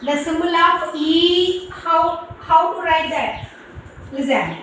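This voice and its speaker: A high-voiced woman teacher sounds out syllables very slowly, one by one, and explains each step in plain, halting English. She is recorded in a strongly echoing room, with a faint hum of noise behind her. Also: a bit bright. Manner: slow, syllable-by-syllable dictation with non-native English phrasing. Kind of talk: classroom lesson on Hindi vowel signs.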